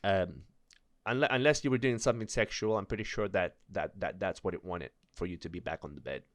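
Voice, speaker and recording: A man with a low voice reads creepy online stories aloud, fairly quickly, sounding nervous and stumbling over the words. He breaks off between passages to laugh and joke, and there's no room sound.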